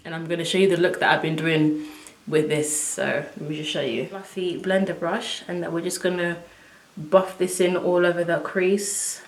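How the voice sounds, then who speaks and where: A woman's voice: on the low side, normal speed, slight background noise. Chatty woman in an echoey room. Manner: chatty, excitable, talks to viewers while working. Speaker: beauty vlogger. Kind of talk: casual makeup tutorial.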